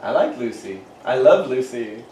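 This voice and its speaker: A man's voice: medium pitch, expressive, normal speed, dark tone, recorded from a distance. Middle-aged male co-host, rambling jokey chat; roomy off-mic sound with light noise. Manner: joking, rambling, laughs often. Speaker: podcast co-host. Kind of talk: casual chat.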